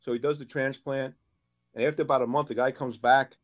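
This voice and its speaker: A man at a middle pitch spins long jokes in a loose, chatty way. He slips into the characters' voices as he goes, and the sound is dull and lo-fi. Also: fairly even intonation, fairly quick, a bit bright. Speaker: co-host. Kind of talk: casual joke-telling.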